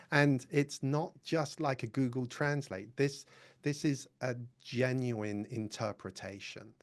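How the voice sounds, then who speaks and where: A man presenting a live demo at a conference, chatty and apologetic, with many fillers. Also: mid-range voice. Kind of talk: live tech demo talk.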